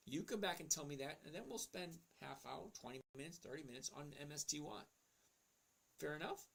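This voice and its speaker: A man's voice: on the high side, lively intonation, brisk, creaky, fairly bright tone. Blunt, chatty man in his sixties. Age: 60s. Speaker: host. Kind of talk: casual livestream reading and answering chat questions.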